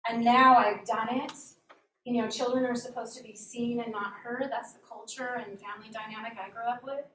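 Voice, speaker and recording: A woman giving an earnest, animated inspirational talk as a guest speaker in a church hall. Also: a little high, brisk. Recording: roomy echo from a distant mic, faint hum.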